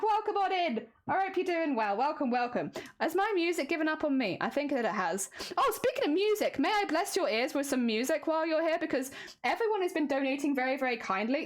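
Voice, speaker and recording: A woman's voice: high-pitched, lively intonation, fairly quick. A woman streaming live, chatting casually and playfully with her chat while she crafts.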